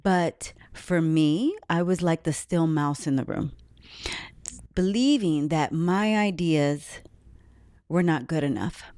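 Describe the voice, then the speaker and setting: A woman's voice: low voice, expressive, slow, warm tone, no room sound, clean studio sound. A woman podcast host giving an earnest, reflective, faith-based talk about her own life.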